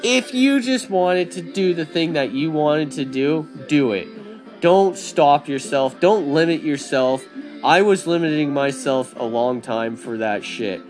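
A young man with a somewhat high voice rants casually and bluntly, swearing freely as he urges listeners to do their own thing. His delivery swings from low grumbles to loud, lively bursts. Faint music plays underneath. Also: a little slow. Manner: blunt, profane, animated motivational rant. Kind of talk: casual monologue.

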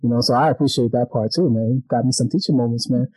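A man's voice: medium pitch, fast, a little mellow, no room sound, rough recording. A male host who is a teacher, chatting casually and often adding "man" and "you know what I'm saying". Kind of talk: casual conversation.

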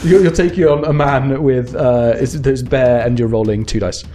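A man's voice: medium pitch, steady tone, normal speed, dark tone, a little hiss or hum. A man running a tabletop game as game master, narrating the scene with frequent laughs and restarts. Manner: laughing often, rambling with restarts.

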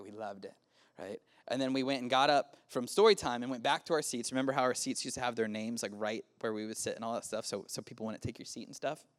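A man in his early thirties preaching casually to a youth group, often asking the room questions. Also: medium pitch. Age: 30s. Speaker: youth pastor. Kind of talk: youth sermon.

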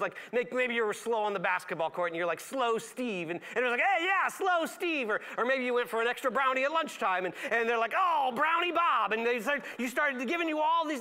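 A male pastor preaching a sermon, animated, acting out characters in quick voices and dropping to a soft, low tone for reflective points. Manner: animated, acts out voices of characters with big pitch swings.

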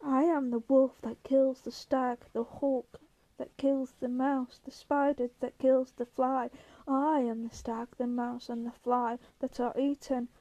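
A vast, ancient tree monster that makes grand and menacing proclamations in a slow, booming voice, as a woman reads him aloud. The voice sits high but stays level in pitch, with a mellow, dark tone, like a storybook giant. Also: flat delivery, dry recording, muffled recording. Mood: roaring.

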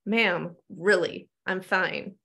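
A woman's voice: lowish voice, fairly even intonation, very slow, gravelly, bright, forceful tone, exaggerated voice. A woman reading aloud and voicing a nervous, easily irritated young man who speaks in short, tense phrases.

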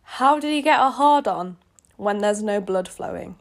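A woman's voice: medium pitch, animated, normal speed, gravelly. A woman voicing a cheeky, crude female vampire who teases her friend, reading it from a story. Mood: teasing. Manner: crude, teasing, smirking.

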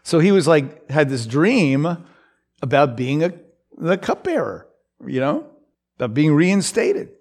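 A man's voice: fairly high pitch, sing-song, darkish tone. A man teaching a Bible passage in a conversational way, with frequent fillers and asides, acting out the quoted lines. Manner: unhurried, lots of fillers and asides, voices scripture quotes.

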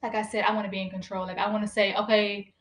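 A woman's voice: medium pitch, racing, a little hiss or hum. Young woman, chatty, roomy sound. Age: young adult. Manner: animated, laughs often, says like a lot. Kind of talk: casual faith chat. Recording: roomy echo.

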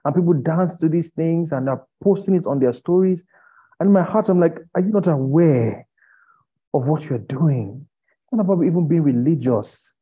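A man preaching an impassioned sermon, firing rhetorical questions at his listeners and rising to loud pleading. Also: fairly high pitch, lively intonation, normal speed, slightly rough. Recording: dull lo-fi recording.

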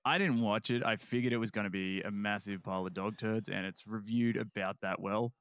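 A man's voice: fairly low pitch, steady tone, brisk, fairly bright tone, no echo. A man hosting a casual podcast, telling stories and laughing often. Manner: chatty storyteller, laughs often. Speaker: podcast host.

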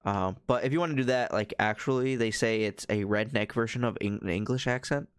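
A laid-back male podcast co-host with a fairly low voice, chatting casually. His speech is musing and trails off mid-thought. The recording is dry and close, with no room sound. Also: brisk, clean tone, no echo. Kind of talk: casual chat.

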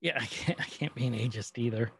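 A man's voice: mid-range voice, fast, fairly bright tone, husky. Rambling male podcast host. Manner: rambling storytelling with fillers. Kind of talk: casual recap chat.

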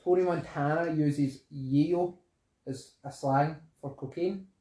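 A man's voice: on the high side, steady tone, takes it slowly, mellow. A man with a Scottish accent co-hosting a film podcast, reading trivia in a dry, provoking way. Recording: echoey room.

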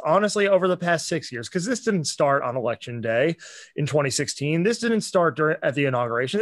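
A man's voice: fairly high pitch, a bit bright, no room sound, studio quality. A man co-hosting a podcast, talking in an earnest, impassioned, preachy way in casual chat. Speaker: podcast co-host.

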